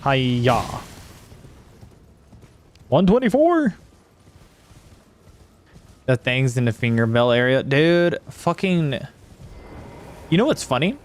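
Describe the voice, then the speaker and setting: A man's voice: medium pitch, lively intonation, unhurried, a little hiss or hum. A male streamer chatting casually while playing, rambling and swearing as he talks to his chat.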